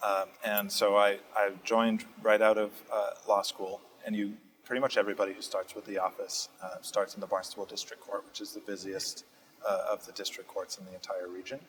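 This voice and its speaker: A young man, answering interview questions in a steady, thoughtful way with frequent fillers, in a community TV studio. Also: fairly low pitch, brisk, low-quality recording. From Massachusetts. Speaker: state representative guest.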